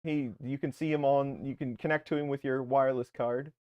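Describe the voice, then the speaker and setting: A man's voice: mid-range voice, fairly even intonation, brisk, smooth, muffled recording. A man co-hosting a casual tech livestream from a home basement, rambling and correcting himself as he explains things step by step. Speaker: livestream co-host. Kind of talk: casual live tech chat.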